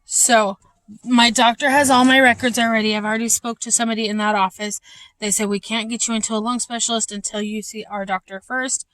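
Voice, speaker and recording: A young woman giving a candid, halting home vlog update with many fillers, troubled by an ongoing cough and short of breath. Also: on the high side, fairly even intonation, fairly bright tone, dry recording. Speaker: vlogger. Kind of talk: casual personal update.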